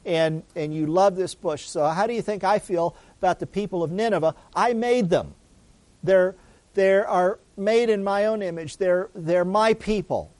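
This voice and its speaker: Patient reasoning God, as a preacher tells it. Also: male voice, high-pitched, moderate pace, dry recording, natural voice. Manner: gently reasoning, rhetorical questions. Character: patient, reasoning God speaking to a sulking prophet.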